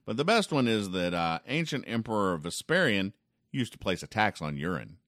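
A man hosting a podcast where he reads comic strips aloud and comments on them, with deadpan, wry asides and frequent ums. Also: lowish voice, moderate pace, no room sound, clean studio sound. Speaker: podcast host.

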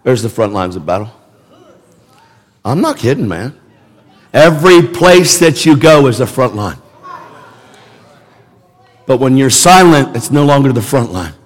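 A man's voice: medium pitch, big pitch swings, measured pace, pauses often, a faint crowd. Emphatic male preacher in a reverberant hall. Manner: emphatic, conversational, repeats words for emphasis. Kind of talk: sermon. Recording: long reverb of a large hall.

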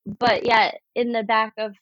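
A woman's voice: fairly high pitch, level tone, measured pace, a bit bright, dry recording. A woman guest telling her story earnestly in candid conversation, acting out the voices she remembers. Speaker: podcast guest. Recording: dull lo-fi sound.

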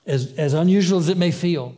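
A pastor delivering a sermon in a conversational way, acting out the story's dialogue and repeating phrases for emphasis. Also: male voice, a little high, brisk, dark tone.

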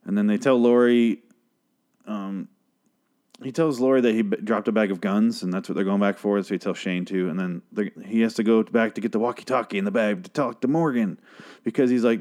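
A man's voice: lowish voice, fairly even intonation, brisk, darkish tone. Rambling, foul-mouthed young man recapping a show. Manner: rambling, crude, exasperated rants. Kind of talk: casual profane episode recap.

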